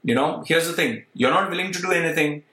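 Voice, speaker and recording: A man's voice: fairly high pitch, quick pace, bright, forceful tone. A middle-aged man speaking bluntly and emphatically straight to his viewers, often repeating himself. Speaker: vlogger. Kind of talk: candid monologue to viewers. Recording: roomy echo.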